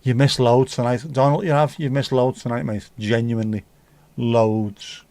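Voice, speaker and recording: Swearing livestream host. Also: male voice, medium pitch, flat delivery, moderate pace, mellow, no room sound. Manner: banter with swearing and mock accents. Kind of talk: casual livestream chat.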